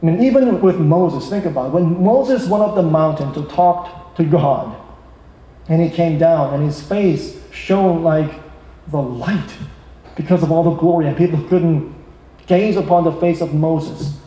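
A man's voice: a little high, dark tone. Man preaching in an echoey hall. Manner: emphatic, rising and slowing for stress. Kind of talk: sermon.

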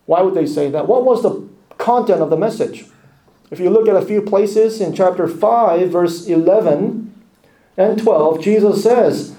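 A man preaching a sermon in a high, mellow voice. He talks emphatically, then drops into quiet asides. The room around him is echoey. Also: unhurried. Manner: emphatic, rising and dropping to hushed asides.

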